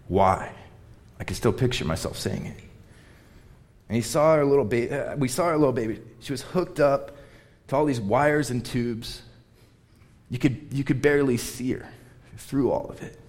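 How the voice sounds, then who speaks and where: A man preaching a sermon in an earnest, emphatic way, repeating phrases for weight, and turning quiet and tender when he tells a personal story. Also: medium pitch, normal speed. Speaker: pastor.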